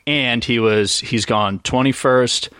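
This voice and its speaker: A man's voice: medium pitch, slow, clean tone, no echo, clean studio sound. A man co-hosting a golf podcast, casually running through his picks with jokes and asides. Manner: relaxed, joking, rambling picks. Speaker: podcast co-host. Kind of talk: casual golf betting chat.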